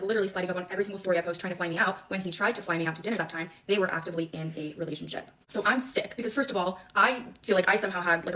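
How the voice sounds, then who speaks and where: Fast-talking young woman telling a story. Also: fairly low pitch, fairly bright tone, low-quality recording. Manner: fast, chatty, swearing, frequent "okay?" asides. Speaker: TikTok storyteller. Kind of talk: casual storytime to camera.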